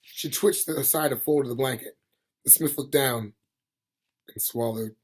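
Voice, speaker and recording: Husky man reading a novel aloud. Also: mid-range voice, measured pace. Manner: plain, steady reading with small slips. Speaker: reader. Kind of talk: amateur audiobook reading.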